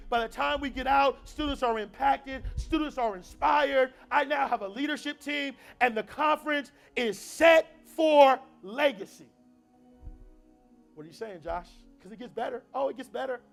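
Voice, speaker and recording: A man's voice: extremely high pitch, normal speed, creaky, few pauses, a bit bright, faint music behind. A young man giving a motivational talk at a university event, with a call-and-response preaching rhythm. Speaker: motivational speaker.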